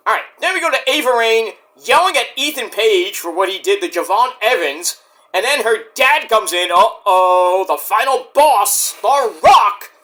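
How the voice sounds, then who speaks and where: A man with a high, bright voice tears through a wrestling show review. He talks sarcastically and swears often, mocking the people he discusses. His pitch swings widely as he rants. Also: lively intonation, moderate pace. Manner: sarcastic, profane, mocks wrestlers in put-on voices. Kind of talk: casual solo review rant.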